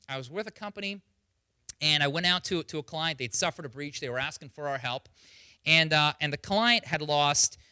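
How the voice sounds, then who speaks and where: A man presents on security in a chatty, conversational way and keeps putting questions to his listeners. His voice is bright and lively, swinging widely in pitch. The sound is dry and close. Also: dry recording. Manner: animated, conversational, asks the audience questions. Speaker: security speaker.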